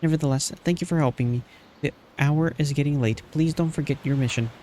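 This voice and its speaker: A man voicing a polite young woman taking her leave, reading game dialogue aloud with a courteous, gentle delivery. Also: a little high, a little fast, slight background noise, pitched above the performer's own voice, natural voice.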